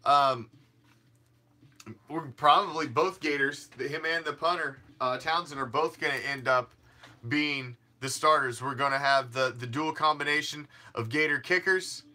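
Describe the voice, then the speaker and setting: A man's voice: on the high side, unhurried, sharp tone. A man hosting a fan sports show, talking casually in a rambling, emphatic way with frequent restarts and some swearing. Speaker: fan podcast host.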